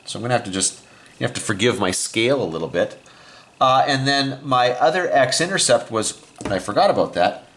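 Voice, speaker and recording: A man's voice: lowish voice, a bit bright. Self-correcting man teaching a math lesson. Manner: thinks aloud, corrects himself often; explains step by step while writing on a board.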